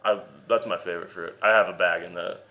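A man's voice: deep voice, steady tone, quick pace, lo-fi sound. A man co-hosting a casual talk show, eagerly listing facts and often restarting his sentences. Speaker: podcast co-host. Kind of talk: casual chat.

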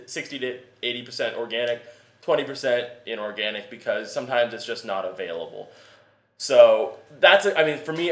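A man's voice: mid-range voice, a bit bright. Man co-hosting a casual chat. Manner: eager, lists facts, frequent restarts. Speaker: podcast co-host.

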